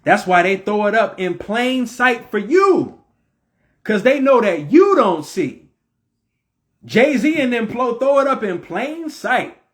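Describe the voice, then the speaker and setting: A man's voice: extremely high pitch, very animated, slow, a bit bright. A man hosting his own video, giving a casual spiritual talk full of rhetorical questions in a preachy manner. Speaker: video host.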